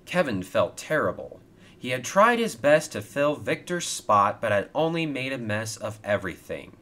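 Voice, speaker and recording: A man narrating a toy train story in a lively storytelling manner. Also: medium pitch, normal speed.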